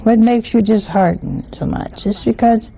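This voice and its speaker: A woman preaching to an audience in a chatty, teasing way, often pausing to ask her listeners rhetorical questions. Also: on the high side, fairly even intonation, gravelly, highs cut off, a little hiss or hum. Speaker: religious teacher. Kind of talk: homespun sermon to an audience.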